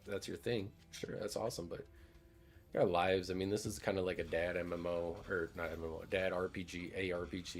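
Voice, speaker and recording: A man's voice: low voice, a little hiss or hum. A man casually chatting over his gameplay as a streamer, laid-back and rambling, swearing now and then. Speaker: gaming streamer.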